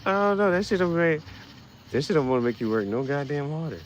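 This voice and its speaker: A man ranting casually and profanely on his vlog, rambling and getting animated as he goes. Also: fairly high pitch, quick pace, slight background noise, poor audio. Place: dim room.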